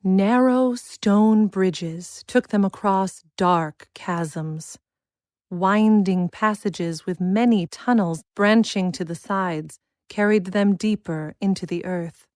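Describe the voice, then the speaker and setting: A woman narrates a children's fantasy story with measured, expressive pacing. Her voice sits at a middle pitch, recorded dry and close with no room echo. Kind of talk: scripted audiobook narration.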